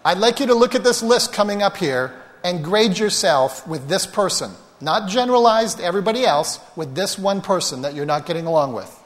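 A man's voice: high-pitched, animated, brisk. Chatty male pastor in a reverberant hall. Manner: conversational, self-deprecating, addresses the congregation directly. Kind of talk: sermon with personal stories.

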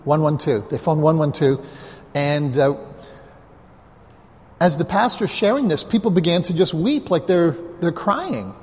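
A male pastor with a fairly high voice gives a relaxed storytelling sermon live before a congregation in a church hall, speaking at a measured pace and pausing often. His manner is conversational and anecdotal, with asides to the listeners. He wears a clip-on mic, and the large hall adds a long reverb.

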